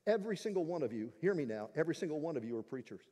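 A man's voice: fairly high pitch, big pitch swings, racing, mellow, long reverb tail. A male pastor preaching a sermon in an emphatic, conversational way, weaving in stories and asides.

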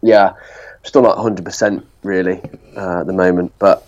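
A man's voice: deep voice, fairly even intonation, normal speed, a little mellow, lo-fi sound. A young man co-hosting a podcast, chatting casually and a bit self-deprecatingly, his voice nasal from a cold. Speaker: podcast co-host. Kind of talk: casual chat.

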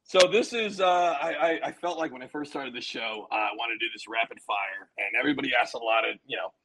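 Laid-back host, gravelly husky voice, bright edge. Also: male voice, mid-range voice, fast, rough recording. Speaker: podcast host. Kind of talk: casual chat.

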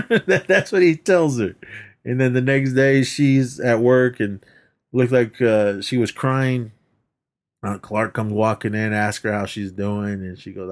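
A podcast co-host casually recaps a film in a fairly low, slightly slow voice. He rambles, laughs often, and acts out quotes along the way.

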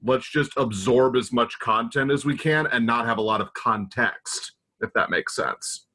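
A man in a casual movie review podcast, calmly laying out his reasoning. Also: medium pitch, a little slow.

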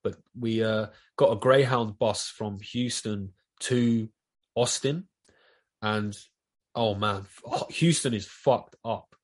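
A man's voice: lowish voice, takes it slowly. A man with a South East London accent, chatting loosely on a podcast and swearing a lot as he rambles. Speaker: podcast guest. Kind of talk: casual chat.

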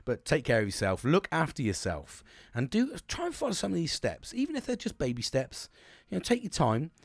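A man's voice: on the high side, huge pitch swings, a little fast, creaky, no echo. A middle-aged man hosting a solo podcast, talking casually with lots of swearing and digressions that he keeps catching himself on. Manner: sweary, chatty, self-interrupting digressions. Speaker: podcast host. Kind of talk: rambling solo podcast monologue.

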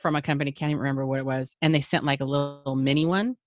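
A woman's voice: sits low, fairly even intonation, rapid-fire, dry recording, clean studio sound. A woman guesting on a podcast, speaking frankly in a casual, rambling way. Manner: frank and rambling, restarts often. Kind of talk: candid casual chat.

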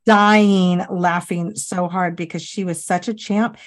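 A woman co-hosting a podcast, telling an animated story in casual chat and laughing often. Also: lowish voice, slow. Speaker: podcast co-host.

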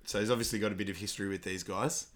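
A man's voice: fairly low pitch, steady tone, rapid-fire. Laughing man retelling film scenes. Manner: laughs often, acts out quoted lines loudly. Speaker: podcast co-host. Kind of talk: casual chat rewatching a film.

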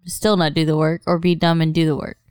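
A woman's voice: low-pitched, little pitch movement, brisk, a little mellow, clear, resonant tone, no room sound, studio quality. A woman co-hosting a casual chat, cutting in with blunt teasing remarks and casual swearing.

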